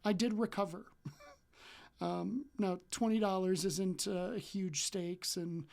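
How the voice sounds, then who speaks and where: A man's voice: fairly even intonation, slow pace, vocal fry. A man in his forties from Wisconsin, a coach telling a personal story in a loose, chatty way, full of ums and likes, and acting out remembered dialogue. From Wisconsin, USA. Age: 40s. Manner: acts out remembered dialogue with jumps in pitch and loudness. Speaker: relationship coach.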